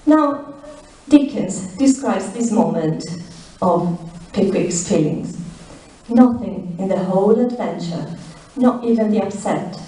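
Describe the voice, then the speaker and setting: Woman telling a story slowly in an echoey hall. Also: medium pitch. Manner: lively storytelling with emphatic pauses. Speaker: literature scholar. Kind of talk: conference talk. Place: university lecture hall. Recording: echoey lecture hall, mic at a distance.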